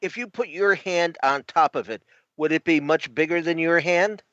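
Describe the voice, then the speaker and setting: A man's voice: fairly high pitch, moderate pace, sharp tone, no echo. A man hosting a radio show, asking a caller hesitant, stammering questions. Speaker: radio host. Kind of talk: interviewing a caller. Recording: dry lo-fi studio audio.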